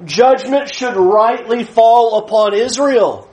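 A man's voice: very high-pitched, takes it slowly, darkish tone, poor audio. A man preaching a Bible lesson in an earnest, emphatic way, acting out the voices he quotes. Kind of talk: sermon lesson.

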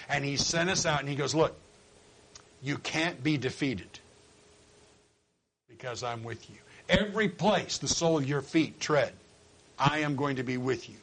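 Man preaching with big loud swings. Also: a little hiss or hum, poor audio. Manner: swings from low quiet asides to loud high exhortation; acts out quoted voices of listeners and God. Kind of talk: sermon.

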